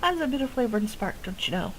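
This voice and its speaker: A woman's voice: on the high side, big pitch swings, quick pace, slight background noise, pitched above the performer's own voice, rough recording. A woman voicing a chatty old witch who brews potions and talks in a folksy, rambling way. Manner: folksy, rambling, ends lines with "cha".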